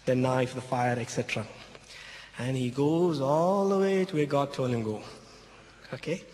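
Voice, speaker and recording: A man's voice: a little high, a little mellow, a little hiss or hum. Emphatic preaching man in a reverberant hall. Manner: emphatic preaching, slows down to stress key phrases, frequent "okay?" checks. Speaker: pastor. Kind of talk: sermon retelling scripture. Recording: reverberant hall, faint ambience.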